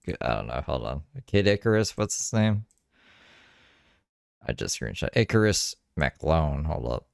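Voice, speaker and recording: A man's voice: rumbling low, very animated, unhurried, gravelly, no room sound, studio quality. A man giving rambling, wry commentary on a live stream he is watching. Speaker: streamer reacting to another stream.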